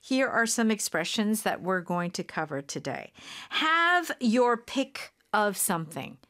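A woman's voice: mid-range voice, sing-song, unhurried, fairly bright tone. A middle-aged woman hosting an English lesson with encouraging, chatty talk. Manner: encouraging, chatty, many fillers. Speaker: English teacher host. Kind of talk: casual teaching chat.

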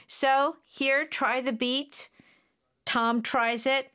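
A woman's voice: sits high, steady tone, very slow, sharp tone, clear, resonant tone. A woman hosting an English lesson, explaining phrases and asking her co-host questions. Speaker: English teacher.

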